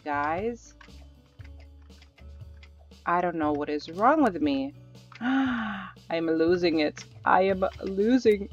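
A gaming channel host giving live gameplay commentary, nervous and excitable, urging themself on out loud. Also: medium pitch, extremely slow, long pauses. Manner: excitable, nervous self-talk with repeated urging. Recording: slightly dull lo-fi audio with faint background music.

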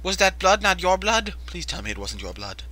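A man's voice: sits high, very animated, fairly quick, bright, forceful tone, poor audio. A man hosting a let's play, joking, swearing and jumping at scares as he talks to the screen. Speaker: gaming video host.

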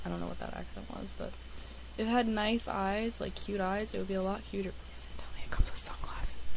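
Excitable young woman chatting over gameplay. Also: fairly high pitch, normal speed, creaky, slight background noise, poor audio. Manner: chatty, excitable, talks to viewers. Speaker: gaming YouTuber. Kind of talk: casual game commentary.

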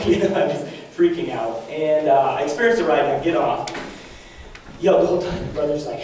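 A young man giving a lively talk to a parish group, animated, laughing often and full of fillers, with a voice that is going hoarse. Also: on the high side, quick pace. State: losing his voice. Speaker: parish speaker. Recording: echoey hall from far off, faint noise.

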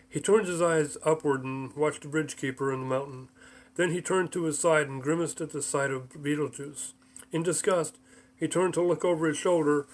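A man reading his own book aloud as audiobook narration, with mild voice shifts for the characters. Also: a little high.

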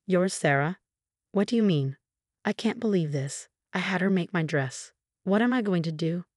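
A woman voicing an indignant young bride-to-be, read in an even, measured way. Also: lowish voice, dry recording, clean studio sound. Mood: upset.

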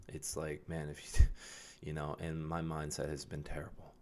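A young man with an extremely low, rumbling voice speaks in a near-monotone, barely rising or falling. He rambles casually to the camera, pausing on fillers and restarting his sentences as he searches for words. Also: a little hiss or hum. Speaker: vlogger. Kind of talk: casual self-reflective vlog.

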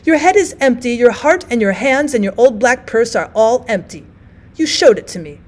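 A woman voicing a bitter, despairing bedridden old woman, loud and accusing. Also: a little high, lively intonation, moderate pace.

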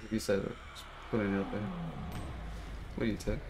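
A man's voice: on the low side, level tone, a little fast, noisy background. Frustrated young man streaming a game. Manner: frustrated, swearing, bursts of yelling. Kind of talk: casual live-stream commentary while gaming.

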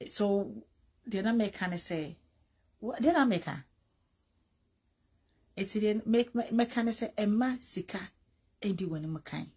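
A woman with a Ghanaian accent giving animated, casual gossip commentary, mixing English with Twi and often repeating words. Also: mid-range voice, measured pace, long pauses, slightly rough. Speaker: entertainment vlogger.

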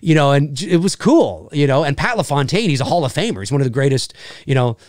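Guy in his 40s rambling on a livestream, bit high voice, dead dry sound, swears a lot. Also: lively intonation, quick pace, a little mellow, no room sound. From Canada. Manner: rambling, swears casually, repeats himself. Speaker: live show host reading chat. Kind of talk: casual livestream chat.

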